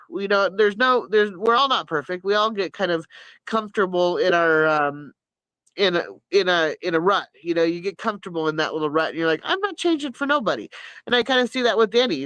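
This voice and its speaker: A woman's voice: lowish voice, lively intonation, brisk, fairly bright tone, smooth, no room sound, poor audio. A middle-aged woman chatting candidly on a live stream, rambling earnestly with frequent restarts and self-corrections. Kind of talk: candid personal chat.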